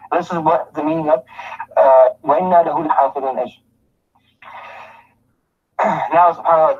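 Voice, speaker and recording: Fast-talking man teaching scripture, lo-fi. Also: a little high. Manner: recites Arabic verses rapidly, then explains in English with frequent restarts. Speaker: Islamic teacher. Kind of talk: Quran commentary lesson.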